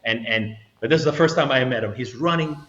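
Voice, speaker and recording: A man's voice: mid-range voice, brisk. An older man, a retired federal agent, telling stories as an interview guest, acting out the voices of the people in them. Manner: animated storyteller acting out quoted voices. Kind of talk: storytelling interview. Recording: echoey room, slightly dull sound.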